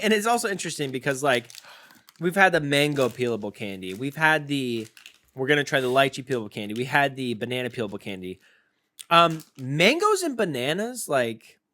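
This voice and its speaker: Male podcast co-host, bright and animated, teasing and quick to laugh. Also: on the high side. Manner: playful, teasing, laughs often. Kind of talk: casual snack-tasting chat.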